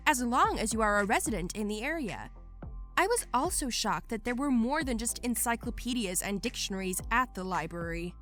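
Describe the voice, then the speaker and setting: A woman narrating Reddit posts as a lively scripted storytelling read. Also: a little high.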